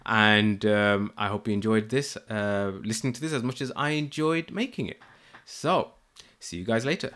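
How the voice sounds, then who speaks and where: A man's voice: lowish voice, moderate pace, a bit bright. A man hosting a podcast, chatting in a friendly, rambling way with plenty of fillers. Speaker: podcast host. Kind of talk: casual interview chat.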